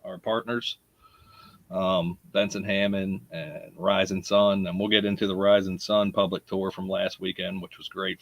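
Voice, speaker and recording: A man's voice: sits low, level tone, a little slow, no echo, lo-fi sound. A man with a Baltimore accent hosting a live podcast in a casual, chatty way, greeting listeners by name and laughing often. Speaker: podcast host.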